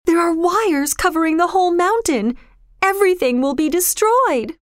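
Woman voicing a high tearful frightened girl. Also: very slow, fairly bright tone, no room sound, clean studio sound, exaggerated voice. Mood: sobbing. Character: frightened young girl, emotional.

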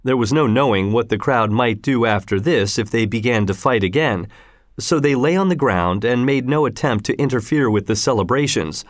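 A man narrating a story as an audiobook, reading in a lively, expressive way. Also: medium pitch, moderate pace, no room sound, studio quality.

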